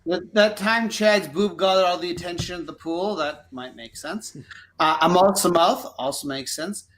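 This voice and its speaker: High-pitched guy thinking out loud about which card fits. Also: moderate pace, a crowd in the background. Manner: muses aloud over card choices. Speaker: card game player. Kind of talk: casual chat while playing.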